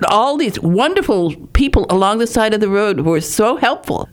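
A woman's voice: mid-range voice, animated, normal speed. A woman host who gushes about her guest, often stumbling and restarting her sentences. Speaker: podcast host. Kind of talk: warm chatty interview.

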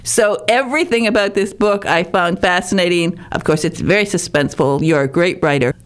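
A woman's voice: fairly low pitch, fairly quick. A woman host who gushes about her guest, often stumbling and restarting her sentences. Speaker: podcast host. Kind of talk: warm chatty interview.

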